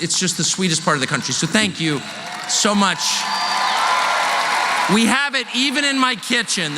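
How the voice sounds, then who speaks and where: A man hosting a live show, talking to a crowd in a joking, self-deprecating way. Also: sits high. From California. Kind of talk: stand-up style monologue to a live audience. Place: large venue with live audience. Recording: hall reverb, faint room noise.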